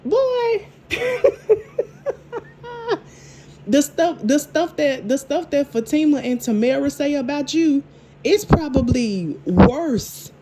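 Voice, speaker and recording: Woman reviewer, sassy animated recap, warm higher voice. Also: a little hiss or hum. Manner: sassy, animated retelling with acted quotes. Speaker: TV show reviewer. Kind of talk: casual recap chat.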